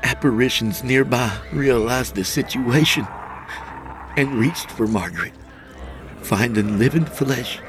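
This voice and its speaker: Deep-voiced man narrating horror. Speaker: storyteller and podcast host. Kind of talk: dramatic first-person horror narration.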